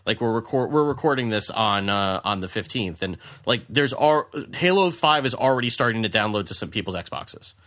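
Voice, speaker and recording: A man hosting a casual gaming podcast in a relaxed, rambling way, often hedging. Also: fairly low pitch, moderate pace, hardly any pauses. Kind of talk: casual chat.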